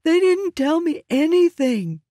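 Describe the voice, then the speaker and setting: A man voicing a cowering male prisoner who pleads in a high, frantic voice. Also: measured pace, breathy edge, no echo, studio quality, exaggerated voice. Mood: pleading.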